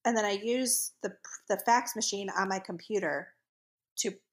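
A woman's voice: mid-range voice, moderate pace. A woman from the American South hosts a casual podcast chat. She explains things plainly in a middle voice and laughs easily along the way. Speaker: podcast host.

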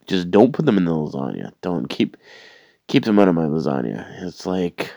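Sick man with a very low voice, sardonic rambling rant, trips over his words. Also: very animated, normal speed, gravelly, warm tone, no room sound. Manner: rambling, repeats and restarts words, sardonic complaining. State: sick with a cold or flu. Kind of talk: casual rambling rant to camera.

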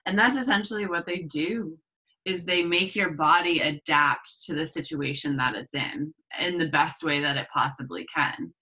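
A woman's voice: deep voice, normal speed, sharp tone, low-quality recording. A woman guest on a casual podcast, explaining things step by step, with frequent fillers and self-corrections. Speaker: podcast guest, herbal medicine practitioner.

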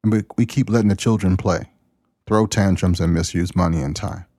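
A man with a low, deep voice hosts his own podcast in a casual monologue. He is folksy and preachy, with a plain-spoken way of talking. The sound is dry and close. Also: brisk, a little mellow, no room sound. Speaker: podcast host.

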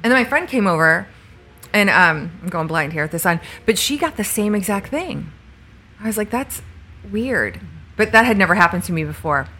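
A woman co-hosting an interview, telling stories casually and acting out the dialogue, sitting in bright sun. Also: on the low side, fairly quick, soft background music. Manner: animated storyteller, acts out quoted dialogue. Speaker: podcast co-host.

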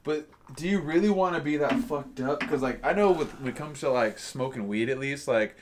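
A man's voice: a little high, a little fast, slight background noise. A man in his late twenties chatting casually and profanely, riffing with opinionated asides. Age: 20s. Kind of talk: casual chat.

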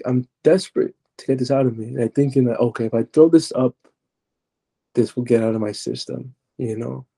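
A man with a very dark, mellow voice and a husky edge speaks as a podcast guest. He retells his personal testimony in an earnest, confessional way, circling back and restarting his sentences as he goes. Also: mid-range voice.

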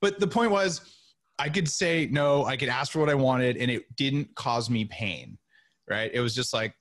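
A middle-aged man telling stories as a podcast guest, lively and acting out the voices of the people he quotes. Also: mid-range voice, moderate pace, dry recording, clean studio sound. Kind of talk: animated storytelling interview.

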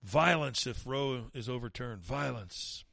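A man's voice: mid-range voice, animated, unhurried, gravelly, fairly bright tone, no room sound. A man hosting a talk radio show, ranting in an indignant, sarcastic monologue into a studio microphone.

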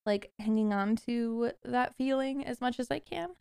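A woman's voice: fairly high pitch, normal speed, creaky, darkish tone, smooth, dry recording, clean studio sound. A woman co-hosting a casual podcast with friends, telling self-deprecating stories with lots of laughter and swearing. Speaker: podcast co-host. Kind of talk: casual chat among friends. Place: lives in a cold snowy area, recording remotely.

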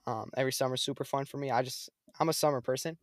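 A young man in casual conversation, telling a story with lots of slang and energy. His voice sits at a middling pitch. The sound is dry and close. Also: steady tone, rapid-fire, no room sound. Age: young adult. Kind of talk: casual chat.

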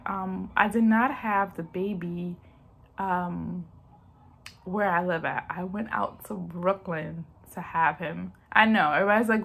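This young woman's mid-range voice is a bit slow, creaky, fairly bright and slightly rough. In her storytime vlog she chats casually with viewers, addresses them as "y'all," and dramatizes the quotes.

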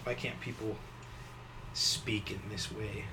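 Rambling male podcast host, lower voice. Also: takes it slowly, background noise. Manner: rambling, many fillers, animated impressions. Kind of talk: casual podcast chat.

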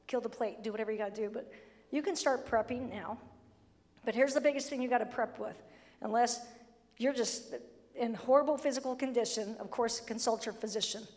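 A woman's voice: fairly high pitch, fairly quick, darkish tone, long reverb tail. A woman pastor preaching a sermon, emphatic, blunt and humorous, sometimes acting out the voices she quotes. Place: church sanctuary.

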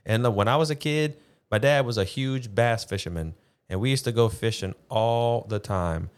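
A man co-hosting a casual podcast, telling stories in a relaxed, easygoing way with a bit of swearing. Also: mid-range voice, normal speed, smooth. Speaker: podcast co-host. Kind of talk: casual chat.

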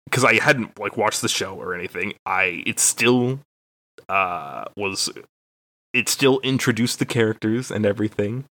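A man's voice: fairly low pitch, a bit bright, no echo. A young man from Texas, a podcast co-host, telling a rambling, profane, self-deprecating story in casual chat.

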